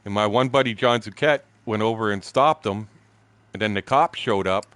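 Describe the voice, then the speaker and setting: A man's voice: lowish voice, moderate pace, a bit bright, no room sound. A man in his sixties streaming a game, telling a rambling story full of profanity. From Windsor, Canada. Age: 60s. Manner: profane, blunt, chuckling storyteller. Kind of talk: rambling anecdote told while gaming.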